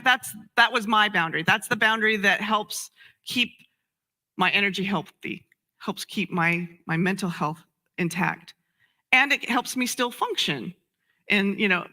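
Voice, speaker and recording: Woman minister, conversational sermon, very bright sharp tone, animated, acts out scenes, laughs often. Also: mid-range voice.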